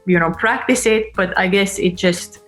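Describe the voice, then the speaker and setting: Halting woman chatting. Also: mid-range voice, fairly bright tone, faint music behind. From Finland. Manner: halting, many fillers and restarts. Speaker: co-host. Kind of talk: casual chat.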